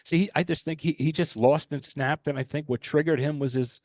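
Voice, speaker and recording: A man's voice: fairly high pitch, fairly even intonation, fairly quick, a little mellow, no echo, clean studio sound. A man co-hosting a podcast in casual chat, thoughtful and hedging with you know and like. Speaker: podcast co-host.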